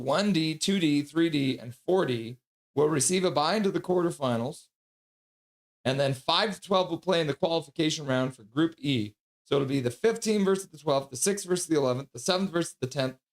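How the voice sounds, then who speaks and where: A chatty man hosts a casual livestream with a slightly raised voice. He is sassy and joking, and sounds a bit sleep-deprived as he reads out donations. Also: a little high. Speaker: livestream host.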